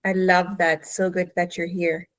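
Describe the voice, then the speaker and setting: A woman's voice: fairly low pitch, flat delivery, a little slow, no room sound. A woman hosting a live online session, chatting casually and laughing often. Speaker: host. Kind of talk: casual chat.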